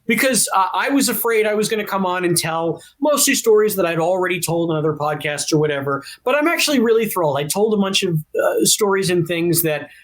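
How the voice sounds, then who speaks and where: Male guest on a podcast, high-pitched voice, animated storyteller. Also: brisk, few pauses. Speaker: actor guest. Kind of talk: podcast interview anecdote.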